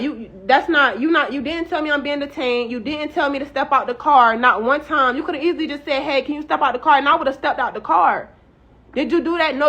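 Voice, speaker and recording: A woman's voice: sits high, sharp tone. A woman telling her own story straight to camera in a casual, heated and emphatic way, full of swearing and "like". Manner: emphatic, heated, profane, heavy use of "like". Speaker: woman recounting her arrest. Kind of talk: casual first-person account to camera. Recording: dull lo-fi audio.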